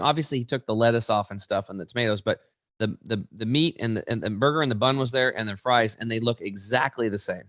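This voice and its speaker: A man in his forties, a guest in an interview, telling stories in an animated, emphatic way. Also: on the low side, fast, no echo, clean studio sound. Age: 40s.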